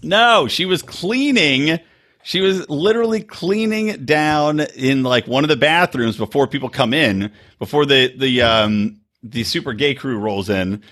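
A man's voice: medium pitch, a little slow, a bit bright. A man co-hosting a podcast, chatting casually, swearing a lot and mimicking the people he talks about. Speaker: podcast co-host. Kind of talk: casual profane chat.

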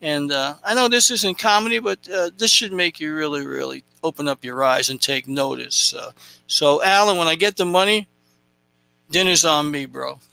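A man's voice: fairly high pitch, normal speed, creaky, sharp tone, smooth, no echo. A man hosting a casual podcast, bantering loosely and joking about himself. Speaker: podcast host.

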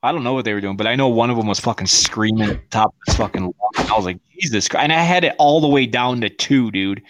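A man's voice: mid-range voice, quick pace, background noise. A married man co-hosting a podcast, chatting casually with heavy swearing and frequent laughter. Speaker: podcast co-host. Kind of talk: casual profane chat.

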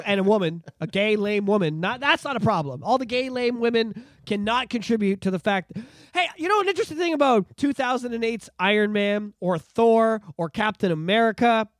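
High-pitched guy ranting n cussing on a podcast, voice jumps all over, dry close mic. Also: moderate pace, dry recording. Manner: ranting, swearing, animated. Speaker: podcast host. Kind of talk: casual podcast chat.

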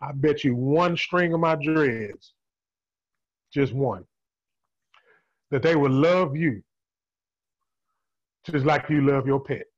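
A man's voice: mid-range voice, slow pace, pauses often, muffled recording. A man hosting a group call, talking in a hyped call-and-response preaching cadence. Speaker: call host. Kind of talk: hyped motivational call talk. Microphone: phone or video call.

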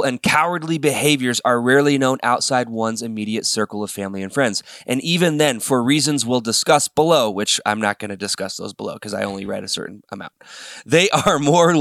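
A man's voice: medium pitch, fairly bright tone, dry recording, studio quality. A man hosting a casual talk show, reading from a book and chatting between passages, laughing often. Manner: chatty, laughs often, drifts into a put-on New York accent and out again. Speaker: podcast host.

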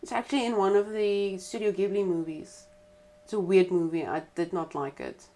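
A woman reads an old folk tale aloud at a mid-range pitch. Her delivery is relaxed and unpolished. She breaks off now and then to chat about the story. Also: moderate pace. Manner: relaxed reading with chatty side comments.

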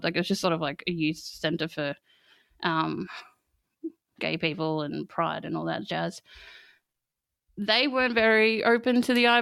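A woman's voice: medium pitch, a bit bright, clean tone, no echo. A young woman with an Australian accent, a podcast guest speaking candidly in casual conversation, laughing often and filling her sentences with "like". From country Victoria, Australia. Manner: chatty, laughs often, fills with "like".

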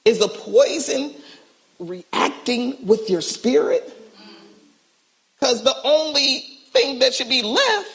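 Brief: high-pitched bright male pastor, lively call-and-response sermon, acts out voices. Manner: animated call-and-response preaching, acts out quotes. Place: church sanctuary.

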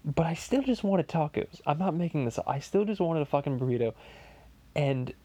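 A man's voice: a little high, lively intonation, brisk, warm tone, slightly rough. A man voicing Stewie as a podcast host, delivering a rambling, profane comedic monologue full of stammering restarts. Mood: ranting. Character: Stewie as a crude, ranting male podcaster.

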